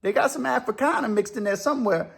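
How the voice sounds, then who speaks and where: A joking old convict, put on by a storyteller, pitched well above the teller's own voice. He drawls and teases, tossing "man" into nearly every line. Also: fast, vocal fry, breathy edge, heavily acted. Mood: teasing. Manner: drawling, teasing, says "man" a lot. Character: teasing old male convict, joker.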